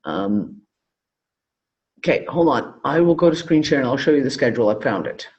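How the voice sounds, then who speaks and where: A man's voice: medium pitch, expressive, moderate pace, a little mellow. A man co-hosting a live online talk show, casual and loose, trailing off mid-thought and swearing freely. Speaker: podcast co-host. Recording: dull lo-fi call audio.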